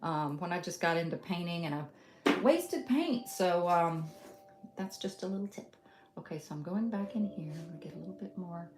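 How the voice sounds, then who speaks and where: A middle-aged woman from Western North Carolina with a Southern accent, teaching a casual live painting tutorial, thinking aloud with many ums and soft laughs. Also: lowish voice, animated, normal speed. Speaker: art instructor. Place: home art studio. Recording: roomy studio with guitar music behind.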